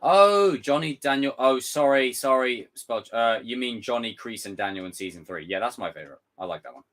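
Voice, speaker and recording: A man's voice: mid-range voice, fairly quick, fairly bright tone. A man hosting a casual live stream, ranting and swearing freely, mimicking others in exaggerated voices. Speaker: YouTube host reacting to a trailer. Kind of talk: casual livestream chat.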